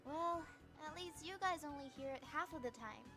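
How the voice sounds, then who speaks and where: A man's voice: extremely high pitch, normal speed, music in the background, pitched above the performer's own voice. A man voicing a prim, scolding young woman detective with an indignant, bossy manner.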